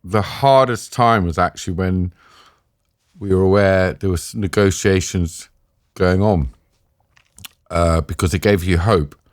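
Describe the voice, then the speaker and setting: Low-voiced British man telling a story. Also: measured pace, pauses often, no room sound, clean studio sound. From Britain. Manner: vivid storyteller who acts out quoted voices, with many restarts. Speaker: podcast guest, war journalist. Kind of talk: casual storytelling interview.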